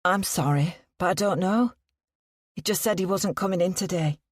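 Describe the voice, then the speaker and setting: A woman's voice: lowish voice, normal speed, no room sound, clean studio sound, lightly acted. A woman reader voicing a cheerful, polite office worker with a Mancunian accent in an audiobook. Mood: cheery polite.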